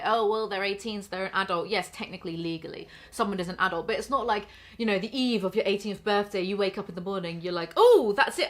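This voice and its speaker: A woman's voice: mid-range voice, a bit bright. A young woman ranting through a sarcastic, blunt commentary and swearing freely. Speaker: commentary YouTuber. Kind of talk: reaction commentary rant.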